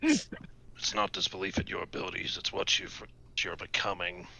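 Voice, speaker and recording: Garm, a man doing a gravelly grim warrior. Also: deep voice, little pitch movement, sharp tone, full character voice. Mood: weary. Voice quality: gravelly, husky. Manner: weary, guarded, halting. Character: grim gravelly young male warrior, estranged son. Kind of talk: in-character tabletop role-play.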